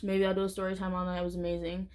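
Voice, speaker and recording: A woman YouTuber chatting casually to camera in a vlog, rambling from thought to thought with a steady stream of "like" fillers. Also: on the low side, very fast. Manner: rambling, heavy use of "like" fillers.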